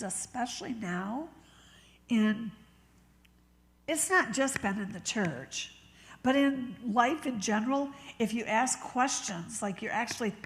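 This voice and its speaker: Woman preacher, conversational sermon in a church with long reverb, mid-pitched voice. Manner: conversational storytelling, drops to whispers and acts out quotes; laughs easily, talks slowly. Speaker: bishop preaching. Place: church sanctuary.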